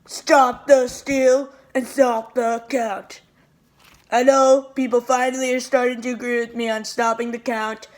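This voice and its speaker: A woman's voice: a little high, little pitch movement, a little slow, lightly acted. A woman playing a petty, self-pitying male president who rambles and repeats nicknames in a comic impression. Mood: boastful. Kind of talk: comedic impression monologue.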